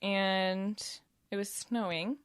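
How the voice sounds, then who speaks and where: A woman's voice: medium pitch, steady tone, takes it slowly, clear, resonant tone, no room sound, clean studio sound. A woman co-hosting a casual podcast, rambling through stories and laughing as she talks. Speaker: podcast co-host. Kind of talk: casual chat.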